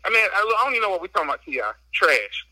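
A man's voice: high voice, big pitch swings, rapid-fire, pushed and bright, no room sound, poor audio. A man guest on a casual podcast, talking through a phone while out on a walk, slightly out of breath, emphatic and slangy as he vents. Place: outdoors on a walk.

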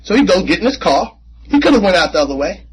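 A man speaking at a recovery meeting, telling his personal story in an animated, conversational way with casual slang and frequent repeats. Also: sits high, fast talker, a little hiss or hum, poor audio. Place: meeting room.

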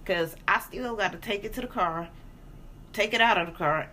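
A woman's voice: medium pitch, normal speed, sharp tone. Laid-back woman, faint noise behind. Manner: laid-back, profane, with filler and restarts. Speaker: podcast co-host. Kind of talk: casual storytelling chat.

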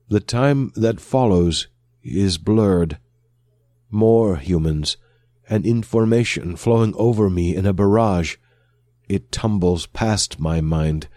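A man reading a science fiction story aloud as narrator in a slow, even storytelling manner. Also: low voice, no echo, studio quality. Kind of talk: scripted audiobook narration.

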